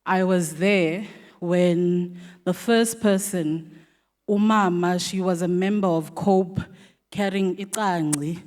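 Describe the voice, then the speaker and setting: A woman's voice: fairly low pitch, steady tone, slow, darkish tone. A South African woman, an assistant editor, thanking guests and giving remarks at a community dialogue, with many ums and restarts. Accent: South African English. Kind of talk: public vote of thanks and remarks. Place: hall at a community dialogue event. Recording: long reverb of a venue hall.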